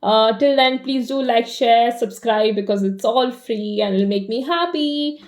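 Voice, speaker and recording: A young woman chatting casually in a rambling diary vlog, full of fillers, swinging between animated and flat delivery. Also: fairly high pitch, unhurried, hardly any pauses. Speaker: vlogger.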